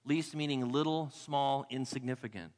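Male pastor, sermon, emphatic repetitions, sudden hushed lows, reverberant church hall. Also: moderate pace. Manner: emphatic preaching, repeats key phrases, drops to a low hush for weight. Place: church sanctuary.

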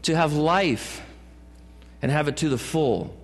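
A man's voice: fairly high pitch, slow. A man preaching a sermon as a pastor, with playful asides and jokes. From California. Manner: joking asides and playful put-on voices. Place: church sanctuary. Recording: long church hall reverb.

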